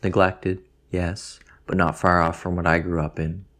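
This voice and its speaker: A man reads a first-person story in a dry, deadpan way, unbothered even by crude details. His voice sits very low and keeps a flat, level line. The delivery stays unhurried and even. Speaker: narrator. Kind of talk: first-person literary narration.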